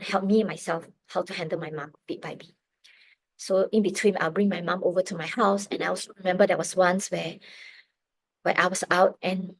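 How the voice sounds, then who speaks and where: Middle-aged woman telling her faith story; earnest, halting, close and dry. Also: fairly low pitch, dry recording, poor audio. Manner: earnest, emotional, halting with restarts. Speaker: testimony speaker. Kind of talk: personal faith testimony.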